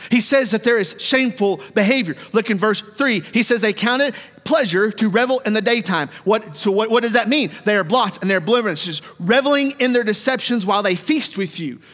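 High-voiced preaching man in a reverberant hall. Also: fairly bright tone. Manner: impassioned preaching, slowing and dropping low for emphasis. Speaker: pastor. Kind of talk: sermon.

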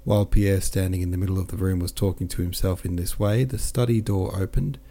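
A man narrating a classic novel at a steady, measured pace as a podcast host. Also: low voice. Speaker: audiobook reader and podcast host. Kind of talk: audiobook narration.

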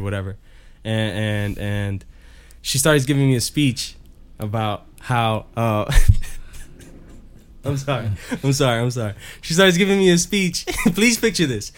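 A man's voice: medium pitch, moderate pace, clear, resonant tone. A young man co-hosting a podcast, telling stories in casual chat and breaking into laughter often. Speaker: podcast co-host.

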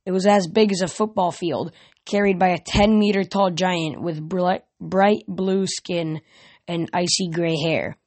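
A man's voice: high voice, steady tone, measured pace. A young man reading a novel aloud as an amateur reader, plain delivery with small slips and restarts.

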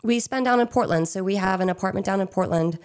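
A small business owner from Chester County, Pennsylvania, answers interview questions in a chatty, casual way, often saying "um" and "you know." She speaks quickly at medium pitch, with a darkish tone.

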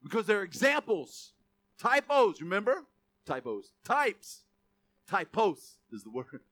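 High-voiced, bright animated preacher. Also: male voice, slow. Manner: animated, jokey asides, reads scripture aloud; shouts quoted lines. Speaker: pastor. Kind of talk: sermon.

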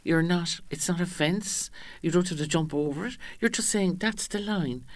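A woman's voice: on the low side, normal speed, dry recording. Woman, radio guest, chatty, dry close sound. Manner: chatty, acts out quoted voices, restarts often. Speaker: guest speaker on assertiveness. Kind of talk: radio interview.

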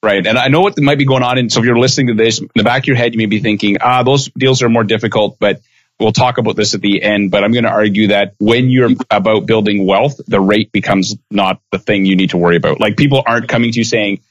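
A man hosting an interview podcast, talking in an energetic, casual way. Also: fairly low pitch, fast, no echo, dull audio. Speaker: podcast host.

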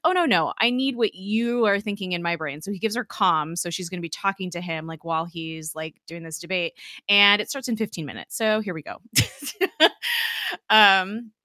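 A woman hosting a casual recap chat, talking fast, laughing often and quoting lines as she goes. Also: mid-range voice, bright, forceful tone, no room sound, studio quality. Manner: chatty, laughs often, acts out lines in quick quotes. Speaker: podcast host recapping an episode.

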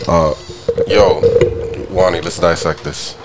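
A man's voice: low-pitched, fairly even intonation, takes it slowly, very noisy. A man hosting a casual podcast, steering the conversation. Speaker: podcast host.

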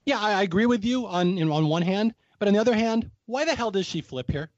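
A man's voice: high-pitched, quick pace, dry recording. A man hosting a podcast, chatting casually and animatedly, acting out quotes as he recaps a show. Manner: animated, acts out quotes, swears and laughs. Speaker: podcast host. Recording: dull lo-fi audio.

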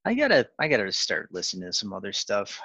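A man's voice: lowish voice, huge pitch swings, fast talker, bright, forceful tone, breathy edge, dry recording, dull audio. A man in casual conversation, telling rambling stories with lots of fillers. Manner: rambling, laid-back storyteller with many fillers. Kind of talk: casual chat.

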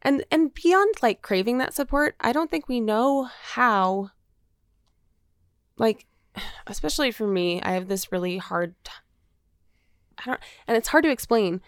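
A woman's voice: fairly high pitch, animated, measured pace, long pauses, clear, resonant tone, dry recording, studio quality. A woman co-hosting a podcast, chatting candidly and often laughing. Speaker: podcast co-host. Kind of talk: casual chat.

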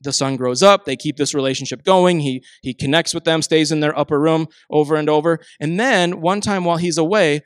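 A man preaching in a relaxed, storytelling manner, slipping into quoted voices as he goes. His voice sits a little high for a man. The sound is close and dry, with no room around it. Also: fairly quick, few pauses, no room sound. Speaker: pastor. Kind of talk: sermon.

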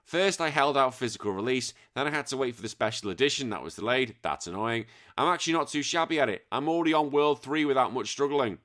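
Excitable English podcast host, bright voice. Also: male voice, medium pitch, quick pace, few pauses. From England. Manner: animated, swears freely, bursts into loud exclamations. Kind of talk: casual chat reading listener messages.

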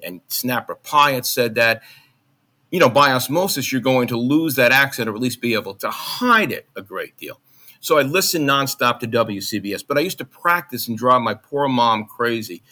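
Guest, middle-aged man, faint Long Island accent, bright forceful voice, animated storyteller. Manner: animated, jumps into high mock voices when recounting. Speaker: guest, former college radio announcer. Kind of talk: conversational interview storytelling.

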